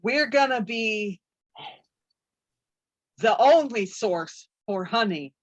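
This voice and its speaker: Smug, menacing bear crime boss in a tabletop game, voiced by a woman, slow and dry. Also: on the high side, lively intonation, no room sound, lo-fi sound. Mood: smug threat. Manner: smug, threatening.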